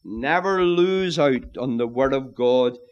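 A man preaching a sermon, emphatic and deliberate, swinging from loud rising appeals to quiet, dropped phrases. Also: mid-range voice, animated, highs cut off.

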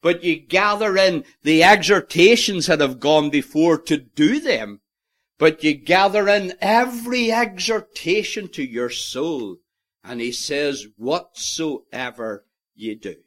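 A man's voice: fairly high pitch, animated, unhurried, fairly bright tone. A man preaching an expository sermon, earnest and emphatic, quoting scripture in old-fashioned wording.

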